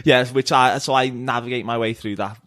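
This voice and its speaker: A man's voice: medium pitch, fairly even intonation, fairly quick, a bit bright, no room sound, studio quality. A young man co-hosting a comedy podcast, telling a story at an easy pace and chuckling at his own jokes. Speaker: podcast co-host. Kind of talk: casual comedic chat.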